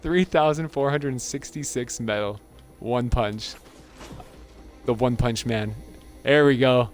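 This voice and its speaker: A man's voice: mid-range voice, slow pace. Guy narrating his game, laughing a lot, chill chatty vibe, faint music behind. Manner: amused, laughs often, chatty. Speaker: gaming channel host. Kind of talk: casual gameplay commentary.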